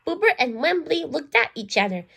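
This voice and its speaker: A woman reads a children's storybook aloud in a high, lively voice. She trips and restarts often, repeating words as she goes, with a gravelly catch in her tone. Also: brisk. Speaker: storybook reader. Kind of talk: reading a children's book aloud.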